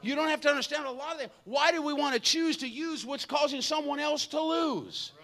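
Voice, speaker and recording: A man in his fifties preaching an energetic, comedic sermon, joking and acting out voices. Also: extremely high pitch, fairly quick. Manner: animated, jokey, acts out voices, shouts at times.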